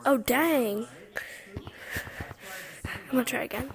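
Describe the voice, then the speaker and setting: High-voiced woman chatting through gameplay. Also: slow pace, a crowd in the background. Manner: chatty, giggly, exclaiming to herself. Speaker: gaming vlogger. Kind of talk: casual gameplay commentary.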